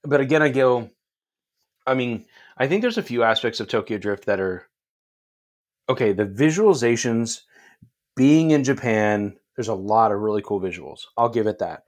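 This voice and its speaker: A man co-hosting a casual podcast, talking in an animated way, laughing often and restarting his sentences. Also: mid-range voice, moderate pace. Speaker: podcast co-host. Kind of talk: casual chat.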